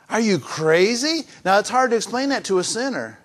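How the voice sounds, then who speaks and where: An older man preaching a sermon, who moves between raised, emphatic passages and soft, hushed, confiding ones, often repeating and restarting his phrases. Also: high-pitched, animated, moderate pace, few pauses. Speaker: pastor.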